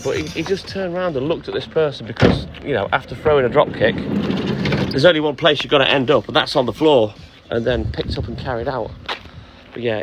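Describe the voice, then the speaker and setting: A man's voice: medium pitch, background noise. A man chatting casually and bantering with viewers on a live stream from his delivery van, swearing now and then. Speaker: milkman streamer. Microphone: phone live stream. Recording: music playing clearly behind.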